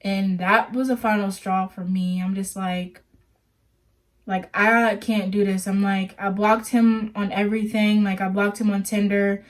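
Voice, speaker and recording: A woman's voice: mid-range voice, little pitch movement, a little slow. A young woman vlogger telling a personal story in a casual, chatty way, leaning heavily on "like" and ending on an earnest warning. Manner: chatty, heavy use of "like"; earnest, cautionary.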